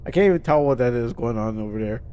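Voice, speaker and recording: A man's voice: medium pitch, expressive, quick pace, mellow, smooth. Stumbling young male game streamer. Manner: stumbling, restarting words while reading aloud. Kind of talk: casual gameplay commentary, reading game text aloud.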